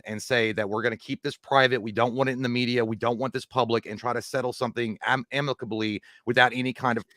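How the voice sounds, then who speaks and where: Profane, animated man in a dry close recording. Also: lowish voice, no room sound. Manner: profane, animated storytelling with mimicked voices. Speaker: co-host. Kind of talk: casual livestream chat.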